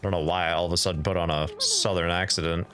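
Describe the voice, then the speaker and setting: Man, deep voice, bright tone, live game streamer, loose chatty delivery, reads lore aloud. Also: level tone, racing, faint music behind. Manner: rambling, reads in-game documents aloud, chats with viewers. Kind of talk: casual live-stream chat while playing.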